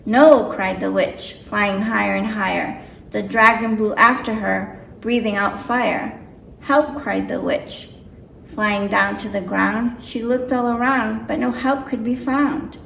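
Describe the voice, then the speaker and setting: A woman's voice: medium pitch, steady tone, unhurried, creaky, fairly bright tone, a little hiss or hum. A woman reading a picture book aloud with careful, slightly nervous delivery. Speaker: storybook reader. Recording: roomy echo, mic far off.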